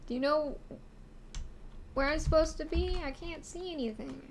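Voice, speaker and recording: A woman's voice: high voice, moderate pace, vocal fry, long pauses, a little hiss or hum. A woman streamer giving casual game commentary, rambling and giggly, asking herself questions as she plays.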